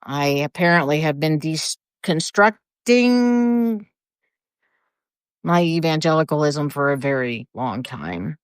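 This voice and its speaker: A woman's voice: deep voice, lively intonation, slow pace, smooth, no room sound, clean studio sound. Older woman chatting on a live video. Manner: rambling, greets viewers by name. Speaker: livestreamer. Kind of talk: casual live chat. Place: outdoors on her front porch. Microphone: phone or camera for a live video.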